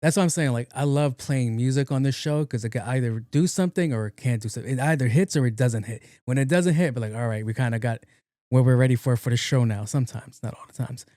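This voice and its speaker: A man's voice: mid-range voice, fast talker, mellow, no room sound, studio quality. A man hosting his own podcast alone, chatting casually in a rambling, slangy and profane way, recorded at home. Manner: rambling, slangy and profane, breaks into sung snippets. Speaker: podcast host. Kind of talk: casual solo chat. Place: home room with windows open.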